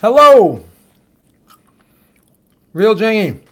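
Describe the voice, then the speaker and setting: A man hosting a live stream with a voice that sits a bit high for a man. He reads out viewer comments and questions in a loose, jokey way, swearing now and then and trailing off into asides and fillers. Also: very animated, extremely slow. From United States. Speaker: host of a political show.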